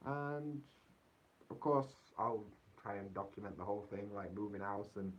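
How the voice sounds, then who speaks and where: A man's voice: moderate pace, slightly rough. A young man from Yorkshire with an English accent, chatting casually on a livestream in a rambling, easygoing way. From Yorkshire, England. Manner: rambling and easygoing, full of fillers like "so yeah". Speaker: vlogger living in Japan. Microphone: poor-quality mic. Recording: dull, muffled low-quality mic.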